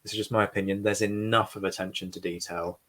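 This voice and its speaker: A man's voice: fairly low pitch, fairly even intonation, quick pace, fairly bright tone. A man hosting a history podcast livestream, giving opinionated commentary with dry sarcastic asides. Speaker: podcast host. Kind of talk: livestream reaction discussion.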